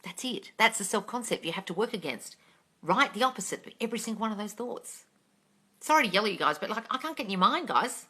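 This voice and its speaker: A young woman with a mid-range, sharp voice talks fast and animatedly as a manifesting coach on a phone live stream. Answering comments, she is blunt and swears freely, ranting and then laughing.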